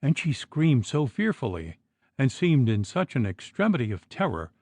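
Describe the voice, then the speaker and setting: A man narrating an audiobook in expressive, unhurried storytelling. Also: mid-range voice, no echo. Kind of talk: scripted narration.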